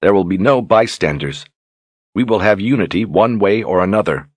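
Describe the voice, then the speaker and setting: A man voicing a young queen who reads a grave letter aloud, solemn and measured, in a storybook reading. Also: low voice, lively intonation, no room sound.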